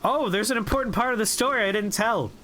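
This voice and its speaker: A man streaming a game, rambling through profane, relaxed anecdotes as he plays. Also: high-pitched, quick pace, slight background noise. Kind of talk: casual gameplay commentary and storytelling.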